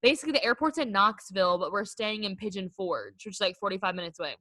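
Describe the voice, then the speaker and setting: A woman's voice: mid-range voice, expressive, fast, sharp tone, dry recording. A young woman co-hosting a podcast, telling a story in casual chat, filling her talk with "like". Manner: chatty storyteller, heavy use of "like". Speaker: podcast co-host.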